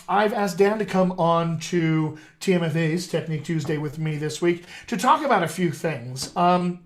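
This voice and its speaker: A high-pitched man, a dialect coach, hosts a live video stream over a video call setup. He talks straight to his viewers in a playful, chatty, casual way.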